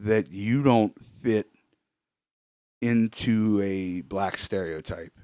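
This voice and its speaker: A man's voice: on the low side, slow pace, clean tone, dry recording, clean studio sound. A man hosting a podcast, chatting casually with his guest and joking at his own expense. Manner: joking, animated, self-deprecating. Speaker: podcast host.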